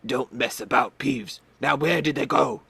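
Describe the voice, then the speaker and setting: Grumpy old male caretaker, gruff and demanding, read by a man. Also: medium pitch, measured pace, sharp tone, no echo, exaggerated voice.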